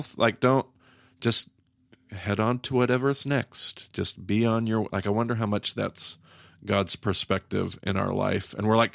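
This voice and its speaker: Gravelly low-voiced man musing. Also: fairly bright tone, no echo, studio quality. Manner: thoughtful, halting, searching for words. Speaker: podcast co-host. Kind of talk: casual discussion.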